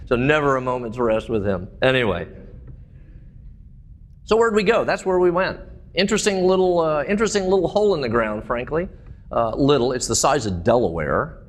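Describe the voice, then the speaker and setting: A man with a mid-range voice gives a public talk about slides. He tells stories enthusiastically and often pauses on uhs and ums. His sentences sometimes restart before he finishes them. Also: medium pitch. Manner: enthusiastic storytelling with fillers. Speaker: presenter.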